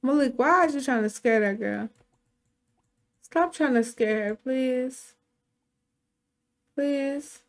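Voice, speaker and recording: A woman's voice: high-pitched, slow pace, long pauses. A woman casually narrating a life-sim game story, chatty and swearing, talking to her viewers. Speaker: gameplay narrator.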